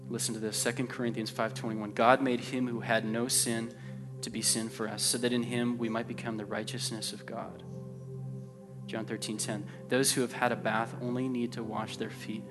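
A man's voice: mid-range voice, level tone, moderate pace. Casual man preaching in a reverberant hall. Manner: conversational, lots of fillers, playful then earnest. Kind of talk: sermon. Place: church sanctuary. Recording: long hall reverb with faint music.

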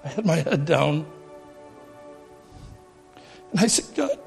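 A man in his fifties giving a church testimony to a congregation, telling his story with lively acted-out dialogue and chuckles at himself before moving into preaching. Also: a little high, slow pace, creaky, long pauses. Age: 50s. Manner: animated storytelling, acting out quoted dialogue, laughing at himself. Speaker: guest speaker giving testimony. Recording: reverberant hall with faint music.

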